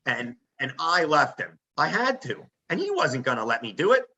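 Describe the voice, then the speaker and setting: A man telling a story in a casual, animated way on a front porch, as a podcast guest. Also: a little high, normal speed. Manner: animated, acts out quoted voices.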